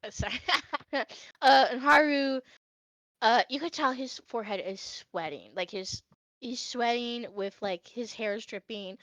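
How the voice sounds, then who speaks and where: A woman's voice: on the high side, a little slow, fairly bright tone, dry recording. A woman narrating a live tabletop game as game master, casual and giggly, with many fillers.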